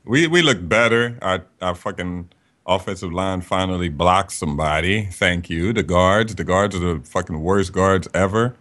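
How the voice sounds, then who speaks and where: A man's voice: low voice, moderate pace, fairly bright tone. A man co-hosting a casual podcast, bantering loosely and swearing freely. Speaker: podcast co-host.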